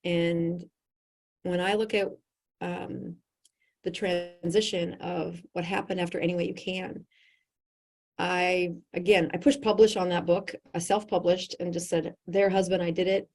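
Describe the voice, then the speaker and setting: A middle-aged woman with a husky, slightly low voice tells a story in a lively, conversational way. She laughs often and slips into the voices of the people she quotes. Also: unhurried. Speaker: physician, podcast guest.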